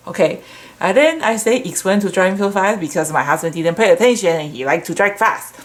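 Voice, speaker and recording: A woman's voice: lowish voice, a little fast. Chatty, gushing middle-aged woman. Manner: chatty and excitable, gushing over cards; rambling storyteller. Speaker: stamp shop host sharing card swap entries. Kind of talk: casual chat while showing cards.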